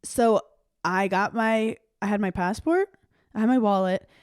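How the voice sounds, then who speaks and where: A woman's voice: medium pitch, unhurried, clear, resonant tone, dry recording, studio quality. A woman in her thirties co-hosting a podcast, telling a story in casual chat and acting out the people in it, laughing often. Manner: animated storyteller, acts out quotes, laughs often. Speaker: podcast co-host.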